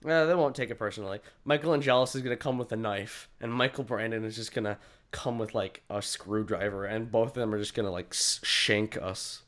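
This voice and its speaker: A man's voice: fairly low pitch, steady tone, brisk, fairly bright tone. A young man hosting a casual podcast chat, joking and bantering combatively with his co-host.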